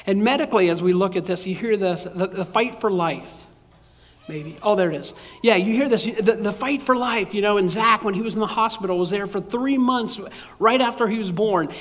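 A man's voice: high-pitched, fairly bright tone. A man preaching a sermon as pastor, talking in a loose, conversational way with repeated words and chuckles at his own jokes. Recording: long hall reverb.

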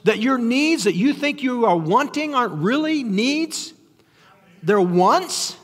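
A man's voice: very high voice, animated, slow pace, a bit bright. An older man preaching a sermon in a conversational, self-deprecating way, stumbling over restarts and tossing out rhetorical questions. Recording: long hall reverb.

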